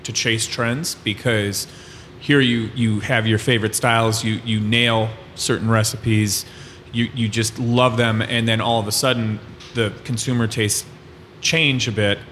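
A man's voice: lowish voice, fairly even intonation, a little slow, fairly bright tone. A man talking casually on a podcast, musing with some hesitation as he thinks through his point. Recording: long reverb with faint noise.

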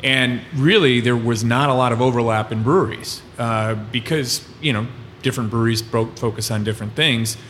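Man, mid-pitched voice, podcast co-host, hesitant musing, long reverb tail. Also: normal speed, few pauses, a bit bright. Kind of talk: casual podcast conversation. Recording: long reverb with faint noise.

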